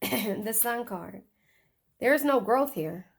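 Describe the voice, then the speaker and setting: A woman's voice: fairly high pitch, animated, slow pace, gravelly, husky. A woman giving a casual tarot reading, chatty and swearing, often repeating her phrases. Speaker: tarot reader.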